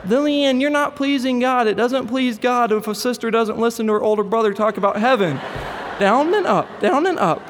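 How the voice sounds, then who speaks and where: A man's voice: extremely high pitch, moderate pace, slight background noise, pitched above the performer's own voice. A man voicing an earnest four-year-old boy who insistently lectures his little sister, heard in a church hall. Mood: exasperated.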